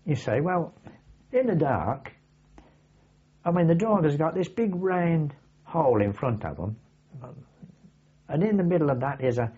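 An older man tells vivid, salty anecdotes in casual oral-history storytelling, with a husky voice. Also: mid-range voice. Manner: vivid anecdotal, salty language, acts out his own shouts. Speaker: veteran recounting wartime memories. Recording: dull lo-fi archive recording.

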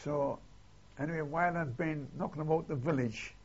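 Gravelly old man telling war stories. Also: a little high, moderate pace, muffled recording. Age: older. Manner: rambling, keeps adding "see?" and "eh?". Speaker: interviewee recalling war memories. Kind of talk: oral history storytelling.

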